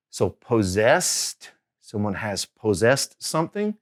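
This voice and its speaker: A man teaching a casual video lesson, chatty and relaxed, slowly repeating each Spanish word twice. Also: fairly low pitch. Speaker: Spanish tutor.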